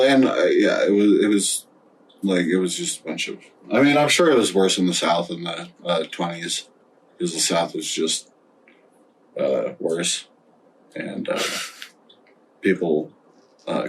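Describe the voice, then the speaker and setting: A stoned man hosting a casual podcast chat, rambling and halting with many fillers. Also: deep voice, recorded from a distance, slight background noise, rough recording. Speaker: podcast host.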